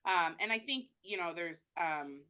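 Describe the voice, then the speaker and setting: A woman's voice: fairly low pitch, lively intonation, unhurried, sharp tone. A woman travel agent answering interview questions in a chatty way, with many fillers and restarts.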